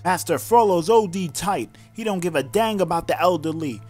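A man's voice: high voice, animated, normal speed, few pauses, a little mellow, soft background music. A man doing comedic play-by-play commentary over a film, joking and slangy. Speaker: comedic sports-style commentator.

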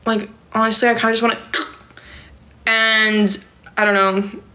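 A woman's voice: on the high side, flat delivery, unhurried, sharp tone. Chatty young woman, lots of "like". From California. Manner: rambling and filler-heavy, many "like" and "um". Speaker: livestream host. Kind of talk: casual livestream chat, reading viewer comments.

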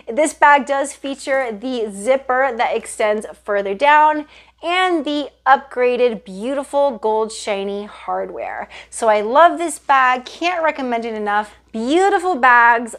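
Higher-voiced woman, bubbly and gushing, casual handbag review vlogger talking to her viewers. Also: a bit bright. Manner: gushing, enthusiastic, addresses viewers as "you guys". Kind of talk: casual product review vlog.

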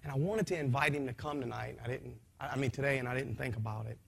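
A man giving an impassioned spoken testimony to a gathering in a folksy, rambling way, his voice swinging from soft to loud. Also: mid-range voice, fast, gravelly, slight background noise. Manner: folksy, rambling, with frequent restarts.

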